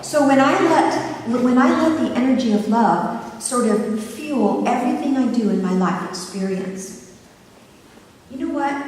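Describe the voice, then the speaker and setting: An older woman minister preaching an earnest sermon, often checking that her listeners follow along. Her voice sits fairly high and comes from some distance. It rings through a large reverberant hall with faint hiss behind it. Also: a little mellow. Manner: earnest, asks the congregation for agreement.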